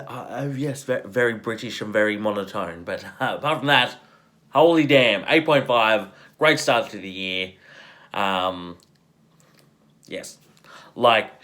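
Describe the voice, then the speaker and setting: Guy rambling thru a movie review, lots of ums n restarts, swears a bunch, loud then quiet. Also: on the low side. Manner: rambling, many fillers and restarts, swears freely. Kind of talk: casual spoken film review.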